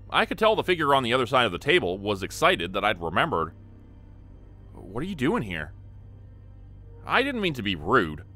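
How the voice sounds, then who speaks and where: Man narrating a scary story, bright voice. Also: medium pitch. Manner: earnest, first-person storytelling. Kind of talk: scripted horror story narration.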